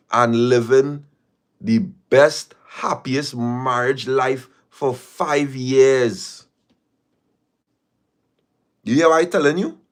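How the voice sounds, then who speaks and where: Male host, middle pitch, casual and emphatic, heavy on repetition and rhetorical questions. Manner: emphatic, repeats phrases and fires rhetorical questions. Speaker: live-stream host. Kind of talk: casual live-stream talk.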